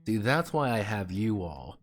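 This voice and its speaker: A man's voice: fairly low pitch, big pitch swings, unhurried, soft background music. A man chatting casually on a stream, rambling with stumbling restarts and profane banter.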